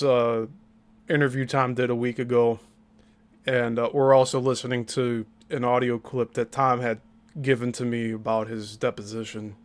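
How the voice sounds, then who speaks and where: A man hosting a commentary podcast, breaking down an interview with critical, pointed remarks. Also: medium pitch. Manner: critical, pointed asides to co-host. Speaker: host.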